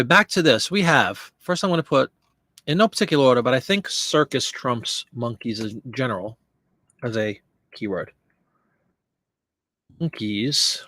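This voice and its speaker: Chatty live-stream host, dry close sound. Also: male voice, mid-range voice, fairly bright tone, no echo. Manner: chatty, reads and answers viewer comments while working. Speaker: live stream host listing items for sale. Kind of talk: casual live-stream chat.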